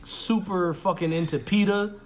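A man co-hosting a podcast, starting his own dating story in a relaxed, joking, profane way. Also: high-pitched, normal speed, faint music behind. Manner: joking, profane, mocking voices. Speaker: podcast co-host. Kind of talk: casual storytelling chat.

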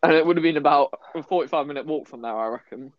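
A man's voice: on the high side, fast, dry recording. A young man from the of England, co-hosting a podcast and chatting through funny stories, with stammered restarts and laughs. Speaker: podcast co-host. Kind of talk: casual storytelling chat. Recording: dull lo-fi dry recording.

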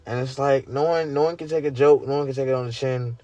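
A man, ranting casually and incredulously to his viewers, swearing and climbing high in pitch when worked up. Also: fairly even intonation, fast talker, warm tone, no room sound. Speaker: vlogger. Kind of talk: casual rant to camera.

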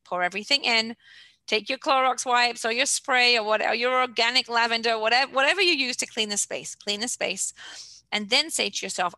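A middle-aged woman coaching an online class on home organizing, giving brisk, practical instructions and answering questions, with some throat clearing. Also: fairly high pitch, bright, forceful tone, no room sound, rough recording. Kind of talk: informal online lecture with questions.

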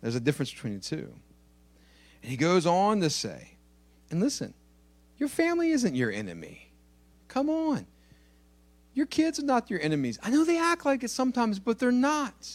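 A man delivering a sermon in church, his voice sitting on the higher side. He jokes with the congregation between points and circles back to repeat the lines he wants to stick. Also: wildly swooping pitch, moderate pace, long pauses, no echo. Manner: playful, joking with the congregation; repeats key phrases for emphasis. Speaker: pastor.

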